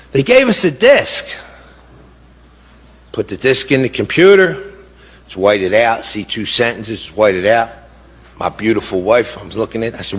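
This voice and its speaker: A man's voice: fairly low pitch, lively intonation, a little slow, long pauses, fairly bright tone, slightly rough. A middle-aged man speaking as a bereaved father, giving impassioned testimony. He sounds indignant and repeats words for emphasis. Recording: long hall reverb.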